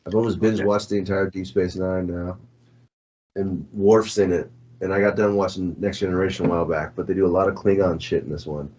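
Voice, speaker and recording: A man's voice: deep voice, fairly even intonation, brisk, a little mellow, slight background noise. A podcast host chatting casually, a laid-back man who swears and calls people bro. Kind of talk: casual chat. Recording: dull lo-fi recording.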